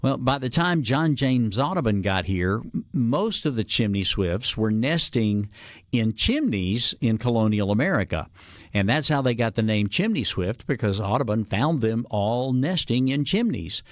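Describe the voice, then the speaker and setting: A man hosting a call-in radio show, explaining things in an unhurried way with frequent "uh" fillers. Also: mid-range voice, very animated, no room sound, clean studio sound. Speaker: radio guest host. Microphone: studio microphone.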